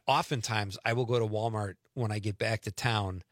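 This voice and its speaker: A middle-aged man hosting a radio show, bantering casually in a chatty, rambling way with quick laughs. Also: lowish voice, fairly even intonation, no echo, clean studio sound. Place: radio studio.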